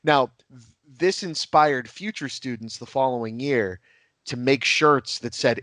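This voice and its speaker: A man's voice: mid-range voice, a little slow, a bit bright, no echo. Laughing man telling rambling stories. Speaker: podcast guest. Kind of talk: casual anecdotal storytelling.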